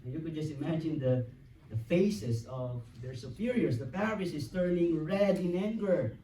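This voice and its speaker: A man preaching a sermon as pastor, emphatic, with long dramatic pauses. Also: a little high, animated, dark tone, a little hiss or hum. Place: church sanctuary. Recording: echoey church hall from far off.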